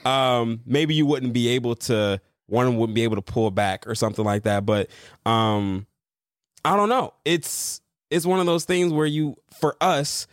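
A young man co-hosting a casual chat with his wife, relaxed and agreeable, often putting in "yeah" and "mm-hmm". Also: medium pitch, a little slow, no echo, studio quality. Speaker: co-host, married creator couple.

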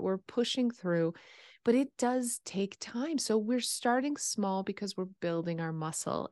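A woman hosting a podcast, talking in a chatty, animated way with lots of fillers over a video call. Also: medium pitch, dry recording, studio quality. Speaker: podcast host. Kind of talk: casual interview chat.

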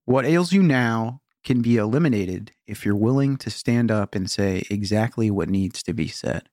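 A man's voice: lowish voice, lively intonation, moderate pace, a little mellow, no room sound, clean studio sound. A man co-hosting a podcast in casual banter, wry and self-mocking. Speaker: podcast co-host.

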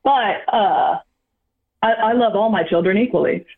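A woman's voice: medium pitch, unhurried, creaky, breathy edge. A woman calling in to a podcast, chatting casually and laughing at herself as she talks. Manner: laughing, self-deprecating. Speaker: caller. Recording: tinny phone line.

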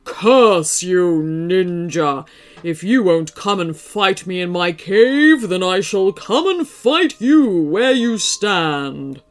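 A woman voicing an impatient, angry dragon in a children's storybook reading, with loud growled threats. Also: lowish voice, expressive, slow pace. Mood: furious.

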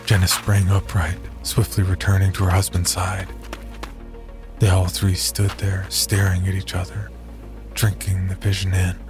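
A man reads a horror story in a very low voice that barely moves in pitch. His delivery is slow, measured and somber, with faint music playing underneath. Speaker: narrator. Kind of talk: scripted horror story narration.

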